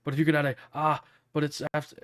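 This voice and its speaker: A man voicing a pervy, excitable young male sidekick in a visual novel read-through, making hesitant, leering requests. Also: on the high side, fast, close to an everyday voice.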